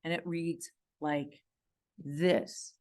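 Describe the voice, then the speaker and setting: A woman's voice: sits low, flat delivery, extremely slow, a little mellow. A woman math teacher giving a video lesson, stressing key words and encouraging her students.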